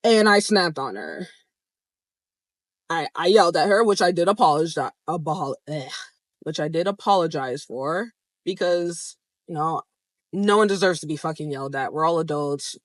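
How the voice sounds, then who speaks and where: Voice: mid-range voice, animated, normal speed, no room sound. A young adult vlogger telling a story in a casual, candid way, swearing freely and laughing now and then.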